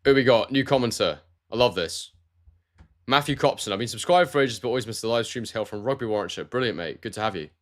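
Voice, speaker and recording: A man's voice: medium pitch, quick pace. A man with a neutral southern English accent, hosting a casual live stream and chatting about boxing while reading out viewer comments. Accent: neutral southern English, no regional trace. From Scotland. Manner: relaxed, chatty, addresses viewers as mate. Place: warm room at home.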